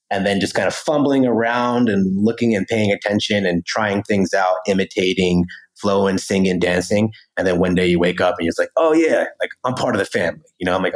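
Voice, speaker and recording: A young American man, a podcast guest, telling stories in a lively, casual way, often adding "right?" and "you know". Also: deep voice, rough recording. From Pennsylvania, USA. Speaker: podcast guest, language teacher. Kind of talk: casual storytelling interview.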